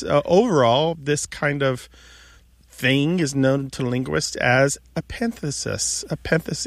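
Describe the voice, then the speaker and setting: A man co-hosts a radio talk show, patiently explaining how words are used in casual explanatory chat. His mid-range voice is creaky, recorded on a studio microphone with no room sound.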